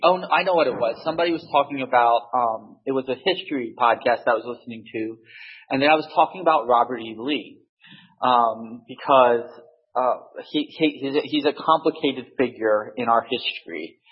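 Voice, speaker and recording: Husky man telling a halting story. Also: medium pitch, highs cut off. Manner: halting, many restarts and fillers. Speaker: speaker in a group discussion. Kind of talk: casual storytelling.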